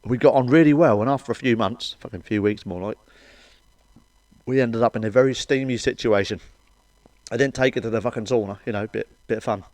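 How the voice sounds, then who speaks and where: A middle-aged Welsh comedian does crude, sweary stand-up, repeatedly asking "you know what I mean" and laughing at his own punchlines. His voice is medium-pitched with a darkish tone and a slightly fast pace, with no room sound.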